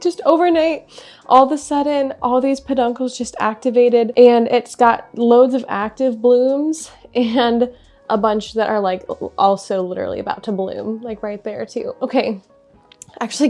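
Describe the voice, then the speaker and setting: A woman's voice: a little high, darkish tone. A young woman vlogging casually about her houseplants, rambling and gushing with frequent giggles. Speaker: plant vlogger. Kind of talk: casual chatty vlog.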